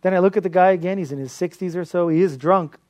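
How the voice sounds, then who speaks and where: Pastor, male, slightly high voice, animated sermon delivery with lots of laughter. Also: quick pace. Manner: animated storytelling with frequent laughter.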